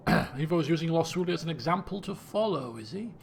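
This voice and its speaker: A man streaming a strategy game, commenting in a sarcastic, exasperated way with quick asides. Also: a little high, expressive, gravelly, a little hiss or hum. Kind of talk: let's play commentary.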